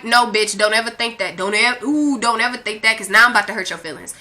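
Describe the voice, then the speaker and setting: A young woman vlogger telling a storytime rant in a brash, profane, animated way. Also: fairly high pitch, fast talker, few pauses.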